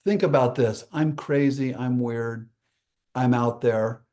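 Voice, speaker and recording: A man's voice: mid-range voice, steady tone, slow, dark tone. A man telling a story with energy as a guest, acting out the voices of the people in his anecdotes. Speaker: guest speaker. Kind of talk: animated storytelling.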